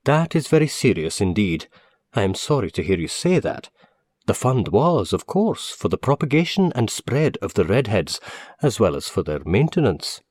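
A man's voice: fairly low pitch, very animated, normal speed, a little mellow, no room sound, studio quality. A man putting on a fussy, eager league manager. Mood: earnest. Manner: earnest, emphatic, formal.

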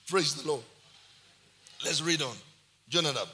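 A Nigerian man preaching with real energy, his voice sitting high and ringing bright. He mixes in Yoruba phrases and rises to shouts when he drives a point home. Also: a little slow, long pauses. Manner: animated, switches into Yoruba phrases, shouts for emphasis. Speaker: pastor. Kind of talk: sermon.

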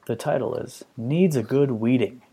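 A man's voice: mid-range voice, moderate pace, mellow, a little hiss or hum. A man in his thirties hosting a podcast, reacting to reviews in a profane, sarcastic, ranting way. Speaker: podcast host. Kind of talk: comedic ranting commentary.

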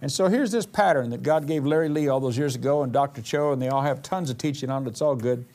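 A man preaching a sermon, slowing down for dramatic, emphatic declarations and then rushing through asides. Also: mid-range voice, a little mellow. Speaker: pastor.

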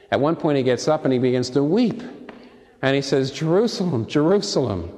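A man's voice: medium pitch, darkish tone. A man preaching a sermon, emphatic and given to repeating key words for stress. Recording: long hall reverb.

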